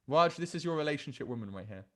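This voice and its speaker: A man's voice: fairly high pitch, expressive, fast. A young man, a dating coach, reading out dating app messages in a casual, rambling way with many restarts. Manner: reads dating app chats aloud, laughs, many restarts.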